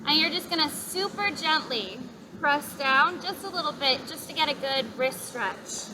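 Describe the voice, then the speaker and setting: A woman instructor gently guiding a parent and child yoga class, cueing breaths and poses with encouragement. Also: sits high, lively intonation, normal speed, noisy background. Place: outdoors in a park.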